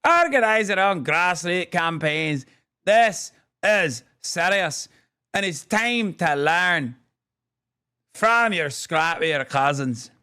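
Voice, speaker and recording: A man voicing a preachy, hectoring woman activist in a put-on Israeli accent, drawn-out and emphatic. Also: high voice, animated, pushed and bright, clear, resonant tone, heavily acted. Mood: warning. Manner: slow, drawn-out, emphatic proclaiming.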